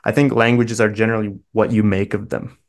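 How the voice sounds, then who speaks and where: A Canadian man, a guest English teacher, talking slowly and clearly for learners in a thoughtful, explaining way. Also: on the low side, little pitch movement. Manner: measured, thoughtful, explains carefully. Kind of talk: slow clear conversation for learners.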